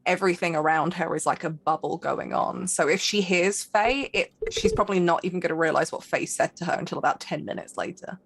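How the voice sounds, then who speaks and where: A woman describes her character's struggle in a tabletop role-playing game with earnest, vivid detail. Her voice is low, husky and gravelly at the edges. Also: fairly quick, hardly any pauses. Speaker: player.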